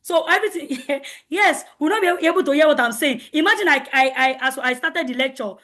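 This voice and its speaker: A woman coach giving a motivational lecture to teenagers, loud and emphatic, often repeating her points for stress. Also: high-pitched, fairly quick. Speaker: coach speaking at a teen conference.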